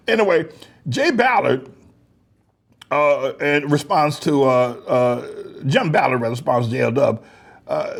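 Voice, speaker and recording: A male pastor giving mocking commentary on comments he reads aloud, laughing often and swinging between loud highs and low mutters. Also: big pitch swings, unhurried, vocal fry, long pauses, husky. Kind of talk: preacher's commentary reading online comments.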